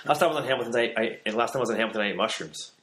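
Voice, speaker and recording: A man hosting a casual podcast chat, loose and quick, swearing freely. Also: mid-range voice, fairly bright tone. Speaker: podcast host. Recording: roomy echo, faint background noise.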